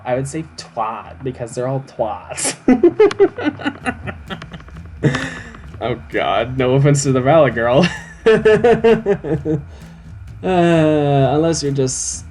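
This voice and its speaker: A young man rambling on a live game stream, full of "um"s and restarts, joking about himself. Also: mid-range voice. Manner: chatty, self-mocking. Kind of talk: casual live-stream chat.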